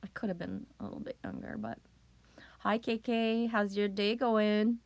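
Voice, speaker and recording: A woman's voice: mid-range voice, sing-song, moderate pace, dry recording. A middle-aged woman chatting casually on a live stream, loose, profane and rambling as she greets viewers.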